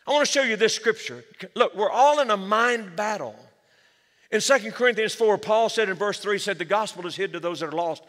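A man's voice: sits high, brisk, fairly bright tone. A man preaching a sermon as pastor, with energy, calling the church for amens. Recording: long hall reverb.

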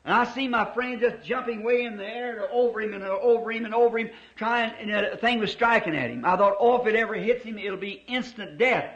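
A fervent man of middle age with a high, ringing voice preaches and tells a story from the pulpit, leaning hard into the telling and drawing out the words that matter. The sound is dull and lo-fi, like an old sermon tape. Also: a bit bright. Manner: fervent, dramatic, slows down to stress words.

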